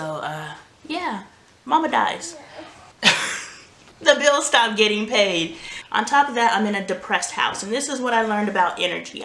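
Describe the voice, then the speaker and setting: A woman's voice: mid-range voice, sharp tone. A woman vlogger and mother telling candid stories in casual chat while doing laundry at home. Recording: roomy home echo, faint noise.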